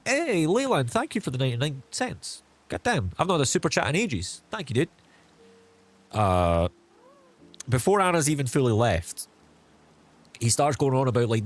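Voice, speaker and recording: A young adult streamer tells his viewers a casual story, wandering from point to point and filling gaps with "like" and "um." His voice is slightly low with a darkish tone.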